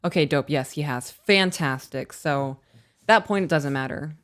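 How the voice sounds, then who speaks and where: A woman's voice: deep voice, normal speed. A woman hosting a casual live stream, reading listener emails aloud and reacting bluntly with casual swearing.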